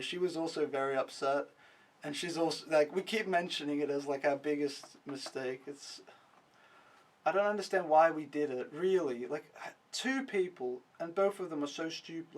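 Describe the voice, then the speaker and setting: A man's voice: on the high side, moderate pace, recorded from a distance. A young man vlogging a casual, rambling recap, mocking himself and swearing freely.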